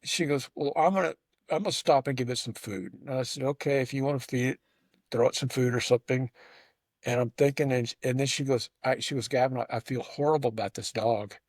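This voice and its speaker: A man's voice: mid-range voice, a little fast, no room sound. Man telling a rambling story, dry sound. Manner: rambling storyteller, frequent restarts and stammers. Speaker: host. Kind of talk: casual conversation.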